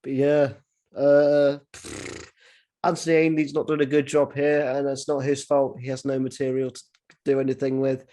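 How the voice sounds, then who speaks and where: A man hosting a casual podcast chat, excitable, stumbling over restarts and swearing freely. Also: mid-range voice, moderate pace. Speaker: podcast host.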